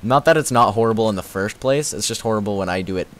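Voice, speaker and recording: A young man chatting on a live stream and reading out his chat, giggly and excitable, dropping to low mumbles and jumping up to high squeals. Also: quick pace, slight background noise.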